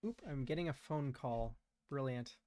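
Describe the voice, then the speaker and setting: A young man giving relaxed, chatty commentary while playing a card game, laughing often and using casual slang. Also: mid-range voice, normal speed, no room sound. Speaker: streamer.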